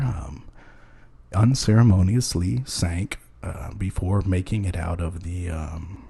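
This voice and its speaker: Low gravelly man hosting a podcast. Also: slow. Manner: rambling, deadpan, hesitant with many ums, chuckles at own jokes. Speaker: podcast host. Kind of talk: loose comedic podcast monologue.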